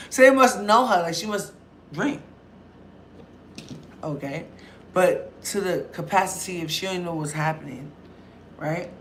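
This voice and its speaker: Animated woman telling a bar story. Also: on the low side, a little hiss or hum. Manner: animated, acts out others' voices, profane. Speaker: vlogger. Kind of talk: casual storytelling.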